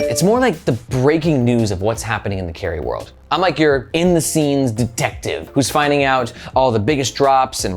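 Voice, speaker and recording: Young guy doing bag reviews, super lively, slangy, chatty. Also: on the high side. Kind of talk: casual product review.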